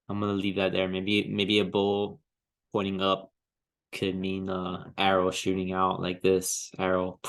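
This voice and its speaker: A man talks through charts in an unhurried, easygoing way, thinking aloud with plenty of fillers and restarts. His voice sits low with a gravelly fry, and he now and then chuckles to himself. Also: monotone. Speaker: crypto trading vlogger. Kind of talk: casual chart analysis commentary.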